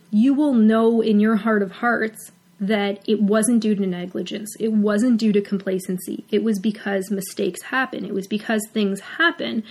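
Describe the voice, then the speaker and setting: A woman's voice: mid-range voice, darkish tone. A woman veterinarian hosting a talk, speaking earnestly and at times emotionally as she encourages other vets. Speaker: host. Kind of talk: heartfelt advice talk.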